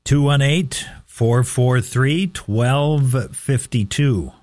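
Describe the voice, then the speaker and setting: A man's voice: medium pitch, extremely slow, a little mellow, dry recording, clean studio sound. A man hosting a casual radio swap shop, reading listings and repeating phone numbers carefully.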